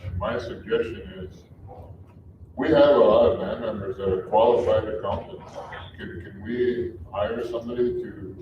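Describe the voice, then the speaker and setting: A council member offers a suggestion in plain words. His voice is low. He is heard from afar, muffled, in an echoey room. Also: moderate pace, far from the mic, a crowd in the background. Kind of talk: council meeting remarks.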